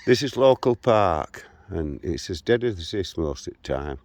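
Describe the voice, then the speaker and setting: A man's voice: low voice, a little slow, no echo. A man, telling a story about an argument while walking outdoors. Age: 60s. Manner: animated, re-enacts a street argument. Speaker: vlogger. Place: outdoors, walking through a local park and streets.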